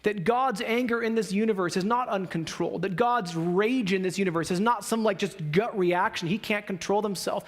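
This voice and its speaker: A man pastor preaching a sermon in a conversational style, with emphatic rises when he speaks for God and the prophets. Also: sits high. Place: church sanctuary.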